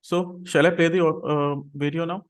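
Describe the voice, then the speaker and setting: A man with a slightly raised pitch teaches English to a small online class. He speaks patiently over a video call. He says words slowly and repeats them so his students can copy them. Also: little pitch movement.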